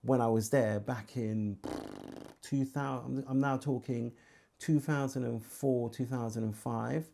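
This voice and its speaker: A middle-aged man with a Birmingham accent, a singer telling his story in a relaxed interview, acting out conversations and breaking into sung lines. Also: mid-range voice, measured pace, gravelly, noisy background. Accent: Birmingham English. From England. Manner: animated storyteller, acts out dialogue and sings snippets.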